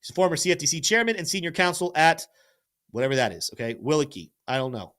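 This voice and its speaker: Speaking at a quick clip, a man with a fairly high, slightly bright voice swings his pitch widely. He hosts a crypto live stream, offering energetic market commentary on charts, addressing his chat and at times tripping on names.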